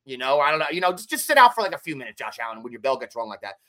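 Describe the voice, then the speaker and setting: A man co-hosting a casual sports podcast, talking fast and emphatic as he runs through game stats. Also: medium pitch, big pitch swings, pushed and bright. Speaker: podcast co-host.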